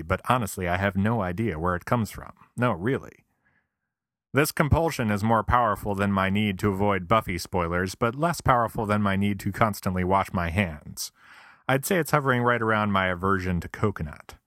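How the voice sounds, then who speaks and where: A man's voice: on the low side, a bit bright, dry recording, studio quality. A man reading a scripted comic essay with wry, self-deprecating, mock-earnest asides. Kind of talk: scripted comedic narration.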